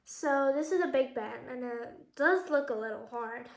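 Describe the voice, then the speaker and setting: A woman's voice: sits high, moderate pace, gravelly. A woman reading a picture book aloud to children, casually explaining the pictures and asking questions. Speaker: children's story reader. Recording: echoey room.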